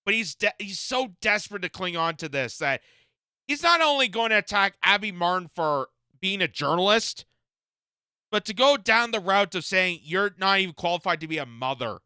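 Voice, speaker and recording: A man's voice: high-pitched, lively intonation, moderate pace, bright, forceful tone, smooth, dry recording, studio quality. A man giving indignant, emphatic reaction commentary on a political interview clip.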